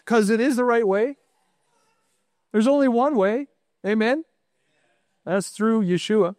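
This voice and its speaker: A man's voice: high voice, slow, darkish tone, no room sound, clean studio sound. A middle-aged American man giving a sermon in a conversational, storytelling way, stressing his points with short affirmations. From United States. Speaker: congregation leader.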